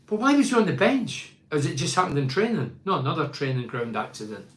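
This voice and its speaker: A middle-aged man hosting a football podcast, giving forceful opinions and reading out listener comments, repeating himself for emphasis. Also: a little high, sing-song, fairly quick, echoey room. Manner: emphatic and rhetorical, piles up repeated phrases.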